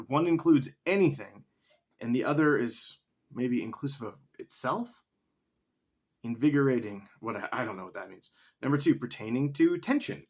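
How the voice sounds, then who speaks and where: A man's voice: mid-range voice, a little mellow. A man talking casually to himself in a solo vlog, rambling as he reads definitions aloud and swears now and then. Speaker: vlogger.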